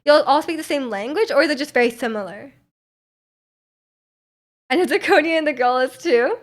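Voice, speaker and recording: A young woman from North America with a slightly high voice chats on her livestream. She rambles, laughs easily and fills every gap with little fillers, just hanging out with viewers. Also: expressive, a little fast. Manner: rambling, filler-heavy, giggly. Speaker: livestream host. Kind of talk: casual stream chat.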